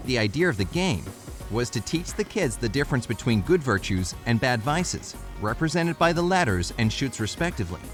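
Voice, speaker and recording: A man's voice: medium pitch, sing-song, brisk, soft background music. A man narrating a scripted informational video in an upbeat, friendly, evenly paced way.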